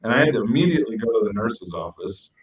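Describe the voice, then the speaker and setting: A man co-hosting a podcast, telling animated stories and acting out quotes with big jumps in his voice. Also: fairly low pitch, fast talker, slightly rough, poor audio. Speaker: podcast co-host. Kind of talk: casual storytelling chat.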